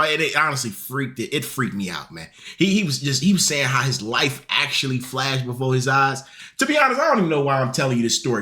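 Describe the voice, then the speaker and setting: Young man, reaction video host, bright voice, lively casual slang. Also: mid-range voice. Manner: animated, laughs a lot, slangy.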